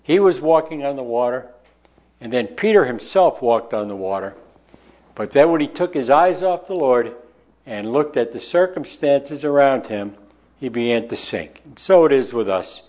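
A man preaching a sermon in a folksy, conversational way, slowing down to stress key words. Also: medium pitch, animated. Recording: dull lo-fi recording.

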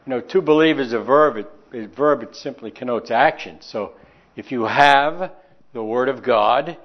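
A man delivers a sermon in a relaxed, folksy manner, as if chatting with his listeners. He draws out important words slowly for emphasis. His voice sits at an ordinary pitch, and the recording sounds dull and lo-fi. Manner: folksy and conversational, slowing to stress key words. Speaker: preacher.

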